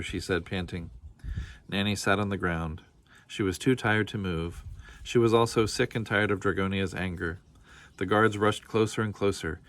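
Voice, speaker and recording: A man reading a children's storybook aloud with steady, expressive storytelling. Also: fairly low pitch, moderate pace. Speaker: storybook reader.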